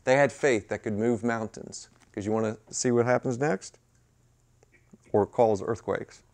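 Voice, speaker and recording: A man preaching a sermon at a mission chapel, talking in a conversational way with sudden loud bursts and hushed asides. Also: mid-range voice, measured pace, long pauses. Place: mission chapel with a live audience.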